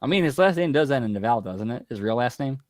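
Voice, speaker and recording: A man co-hosting a wrestling podcast, chiming in with quick jokes and laughs. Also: mid-range voice, expressive, no echo, studio quality. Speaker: podcast co-host. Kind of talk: casual wrestling chat.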